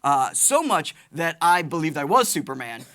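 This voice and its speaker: Animated American comedian telling stories. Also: male voice, fairly high pitch, moderate pace. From United States. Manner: animated, excitable, jumps between voices. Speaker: stand-up comedian, Army veteran. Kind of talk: stand-up comedy storytelling.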